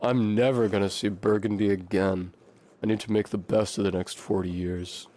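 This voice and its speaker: A streamer voicing a tired, ambitious young monk in flat, unhurried game dialogue. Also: male voice, lowish voice, voice pushed down, natural voice. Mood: weary.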